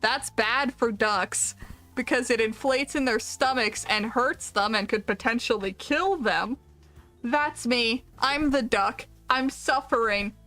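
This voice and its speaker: A woman's voice: on the high side, slow pace, bright, forceful tone, faint music behind. A woman streamer chatting casually while gaming, rambling and making self-deprecating jokes.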